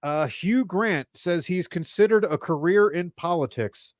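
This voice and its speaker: Deadpan middle-aged podcast comedian. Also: male voice, sits high, unhurried, dry recording, clean studio sound. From Philadelphia area. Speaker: podcast co-host. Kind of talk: casual comedy podcast chat.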